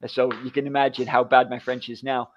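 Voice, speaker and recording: A man's voice: medium pitch, fast talker, slight background noise. A man in his forties chatting casually as a podcast co-host, telling stories and acting out what others said. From United Kingdom. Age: 40s. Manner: animated storyteller, acts out quoted voices. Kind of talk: casual chat. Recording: dull lo-fi audio.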